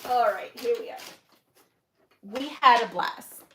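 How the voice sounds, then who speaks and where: Chatty, giggly woman with a higher voice. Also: measured pace, pushed and bright, slight background noise. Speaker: quilting channel host. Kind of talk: casual show-and-tell chat. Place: home sewing room.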